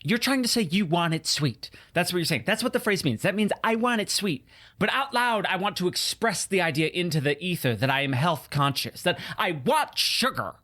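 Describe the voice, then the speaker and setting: A man's voice: high voice, fairly bright tone. Guy hosting a podcast, grumpy sarcastic rant, voice swoops all over. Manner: exasperated, sarcastic. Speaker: podcast host. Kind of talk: comedic rant.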